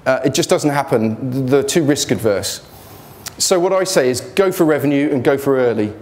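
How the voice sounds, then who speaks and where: A man's voice: mid-range voice, expressive, normal speed, darkish tone. A man giving an informal motivational talk about his business failures, blunt and joking, speaking in a students' union hall.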